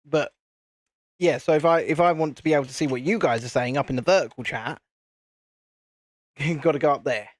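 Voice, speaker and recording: A British man hosts a live stream and chats loosely while he builds. His voice sits fairly high for a man. The sound is dry and close, with almost no room around it. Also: brisk, long pauses, no room sound. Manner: chatty, rambling, reads viewer comments aloud. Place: home streaming setup with lights and cameras. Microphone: desk mic at a streaming setup.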